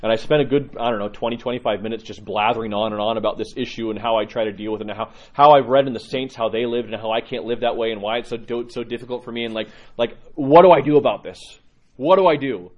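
Animated storytelling priest, lo-fi sound. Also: male voice, quick pace, few pauses. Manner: animated storytelling, acts out quotes with rising pitch. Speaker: Orthodox priest. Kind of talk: conversational sermon.

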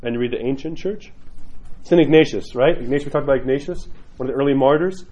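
A man's voice: medium pitch, fast talker, mellow. A man, a priest giving an informal teaching talk, telling stories with animation and often checking in with "right?".

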